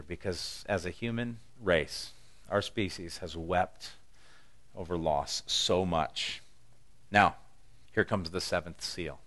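Deep-voiced pastor preaching. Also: male voice, fairly bright tone. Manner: conversational, humorous, emphatic. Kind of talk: sermon.

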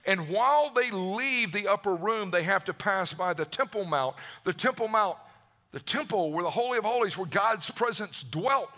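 A man's voice: sits high, lively intonation, normal speed, sharp tone. A man preaching a sermon in a fervent way, often stumbling into repeated restarts as he builds up.

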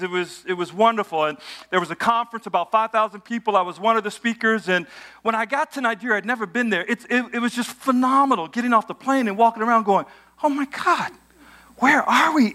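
A male pastor with a high, brightly ringing voice preaches a sermon in a church. He spins stories, calls out questions to the congregation and lifts into energetic praise. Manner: storytelling with audience call-and-response, rising to shouts of praise.

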